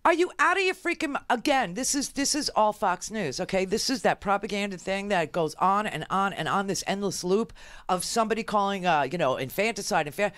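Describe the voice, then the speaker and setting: A woman's voice: mid-range voice, expressive, fairly quick, fairly bright tone, no echo, clean studio sound. A middle-aged woman hosting a political talk radio show, ranting emphatically with many fillers and restarts. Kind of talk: opinionated political commentary.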